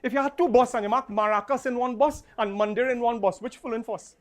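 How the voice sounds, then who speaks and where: A man's voice: very high-pitched, fast talker. Man preaching a funeral sermon. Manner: preaching, repeats key lines, swings between soft and loud. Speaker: officiating pundit at a funeral.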